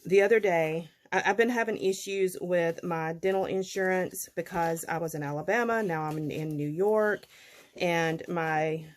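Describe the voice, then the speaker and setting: A woman's voice: on the low side, moderate pace. A middle-aged woman, chatting casually to her viewers in a folksy way, laughing often. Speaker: vlogger.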